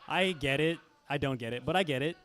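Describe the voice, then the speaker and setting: A man's voice: on the high side, fairly quick, a bit bright. A young man performs stand-up with a self-deprecating, slightly anxious delivery. He riffs with the audience in a casual, conversational way. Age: young adult. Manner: nervous, self-deprecating crowd work. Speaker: stand-up comedian. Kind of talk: stand-up set.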